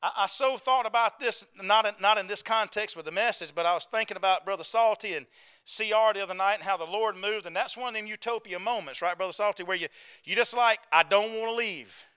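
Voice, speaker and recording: A man's voice: high-pitched, fast talker, pushed and bright, clear, resonant tone. A man preaching a sermon in a folksy way, often calling out "right?" and "amen?" to his congregation. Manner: folksy, calls for amens and asks "right?". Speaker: pastor.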